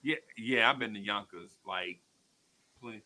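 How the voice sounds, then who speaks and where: A man hosting a casual live stream, reading viewer comments and telling stories in a slangy, laughing, animated way. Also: fairly low pitch, measured pace.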